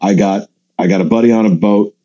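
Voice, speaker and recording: A man's voice: fairly low pitch, fairly quick, lo-fi sound. A male comedian telling stories in casual podcast talk, acting out the lines of other people. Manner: animated storyteller who acts out other people's lines.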